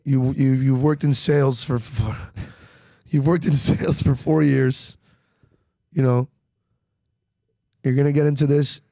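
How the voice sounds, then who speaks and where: A man's voice: medium pitch, measured pace, long pauses, no echo. A man in his twenties, a comedian guest, chatting on a studio podcast and acting out other voices as he tells stories. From Miami, Florida. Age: 20s. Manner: animated storyteller, acts out voices. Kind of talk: casual podcast chat. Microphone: studio microphone.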